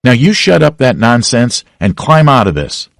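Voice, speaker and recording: A man's voice: medium pitch, sing-song, normal speed, vocal fry, no echo, clean studio sound, voice pushed up. A man reading an audiobook, voicing a stern but caring older aunt who scolds and fusses. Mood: scolding. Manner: scolding, flustered.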